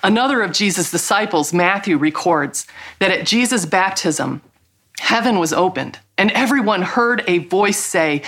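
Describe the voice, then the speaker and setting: A woman's voice: mid-range voice, lively intonation, moderate pace, a bit bright. A middle-aged woman giving a devotional teaching talk, earnest and emphatic, drawing out key words. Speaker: Christian speaker.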